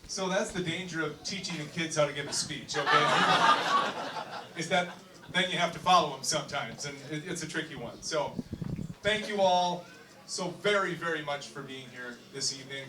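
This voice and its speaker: A man's voice: a little high, normal speed, heavy background noise. A middle-aged man giving an earnest, formal acceptance speech with emphatic repetition. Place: election night event room. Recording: echoey room, distant mic.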